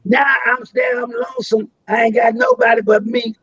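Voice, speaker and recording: Older man, high voice, dry muffled stream audio, rambling storyteller who restarts his words. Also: little pitch movement, moderate pace, fairly bright tone, husky, dry recording. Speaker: interview guest. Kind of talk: storytelling in a live interview.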